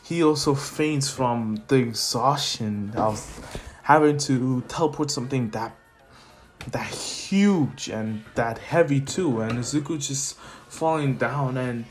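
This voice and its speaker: A man's voice: medium pitch, slow. A man improvising a fan-fiction story with rambling, casual narration full of restarts. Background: faint lofi music.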